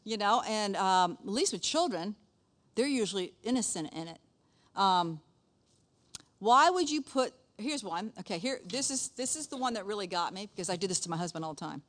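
A middle-aged woman delivers a casual sermon in a conversational way. She talks in an animated manner and checks in with her listeners often. Her voice sits in a middle pitch. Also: normal speed. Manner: chatty, animated, frequent "okay?" asides. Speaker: pastor's wife, speaker.

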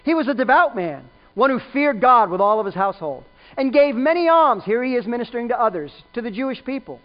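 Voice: medium pitch, animated, a little fast. A preacher giving a sermon, emphatic, repeating key lines and quizzing the listeners, in a dull lo-fi recording.

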